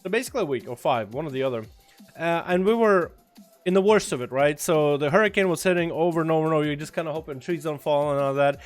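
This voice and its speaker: A man chatting casually on a game livestream, loose and profane, telling stories with animated swings in energy. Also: fairly high pitch, fast talker. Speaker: game streamer. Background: faint background music.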